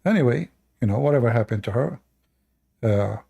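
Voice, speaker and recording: Gravelly man rambling bluntly. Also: medium pitch, expressive, brisk, warm tone. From Middle East. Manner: rambling, blunt and crude, with many fillers and restarts. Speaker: host. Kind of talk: casual commentary.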